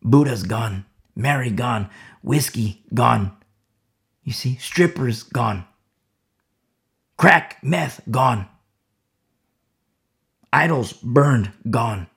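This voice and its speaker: A male preacher with a gravelly, creaky voice at a middling pitch. He preaches with fervor, rising to loud exhortation and then dropping to hushed, whispered prayer. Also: extremely slow, pauses often. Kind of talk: sermon.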